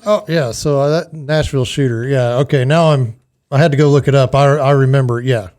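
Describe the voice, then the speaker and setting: A man's voice: mid-range voice, fairly even intonation, fairly quick, a little mellow. A man co-hosting a podcast in casual chat, hesitant and restarting his sentences. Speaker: podcast co-host.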